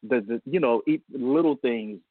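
A man's voice: medium pitch, moderate pace, no room sound. Male guest, heartfelt storyteller, laughs through it, dry tinny phone line. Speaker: guest, a father. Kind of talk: casual radio interview.

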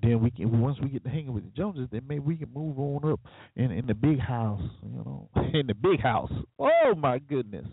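A man's voice: mid-range voice, moderate pace, gravelly, slightly rough, dry recording. A man hosting a talk show, delivering an opinionated monologue with sarcastic, preachy remarks and chuckling asides. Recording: tinny phone-like, dry.

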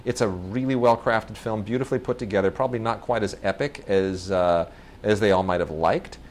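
A man's voice: lowish voice, brisk, a little hiss or hum. A man co-hosting a casual movie review chat, enthusiastic and rambling, often restarting and correcting himself mid-sentence. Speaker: film review co-host.

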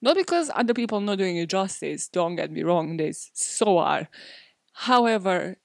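A woman's voice: on the low side, expressive, moderate pace, gravelly, no room sound, clean studio sound. A woman hosting a true crime podcast, talking in a casual, candid way, with frequent fillers and swearing. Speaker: podcast host.

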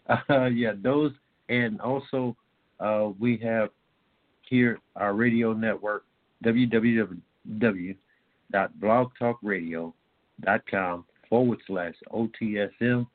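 A man's voice: lowish voice, slow pace. A man from Indiana hosting a talk-radio show in a casual, rambling way, full of fillers. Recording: tinny phone-line sound.

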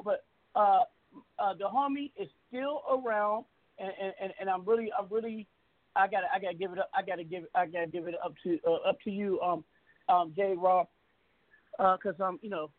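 High-voiced man hosting call-in radio. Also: moderate pace, no room sound. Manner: rambling, repeats words, stammering restarts. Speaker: radio show host. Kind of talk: casual call-in radio talk. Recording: tinny phone-line sound.

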